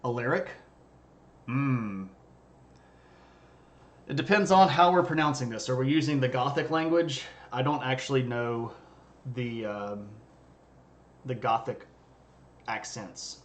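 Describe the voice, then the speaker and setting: A history streamer hosts a livestream from his setup, delivering a jokey, conversational history lecture while bantering with chat. He speaks slowly in a mid-range voice and pauses often.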